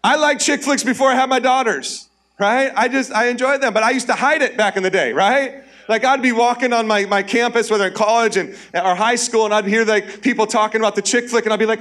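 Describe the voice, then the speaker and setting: A man in his forties delivers a sermon in a church auditorium. His voice sits high for a man, and he keeps things conversational and humorous. He calls out to the congregation to bring them along. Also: fairly quick, a bit bright. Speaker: pastor.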